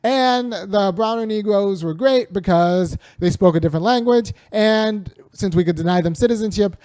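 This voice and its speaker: A man's voice: high voice, normal speed, darkish tone, smooth, dry recording, clean studio sound. A man hosting a casual spoken commentary, talking in a digressive way with frequent restarts and wry laughs. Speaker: host and commentator.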